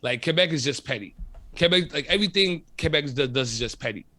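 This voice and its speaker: Bright, animated man talking casually. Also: on the high side, quick pace, dry recording. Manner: animated, profane, emphatic storytelling. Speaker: radio host and podcaster. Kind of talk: casual interview chat.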